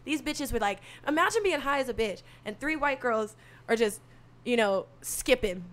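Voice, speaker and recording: A soft-spoken young woman telling a story in casual talk, animated and profane, acting out what people said. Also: fairly high pitch, normal speed. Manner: animated, swearing, acts out quotes.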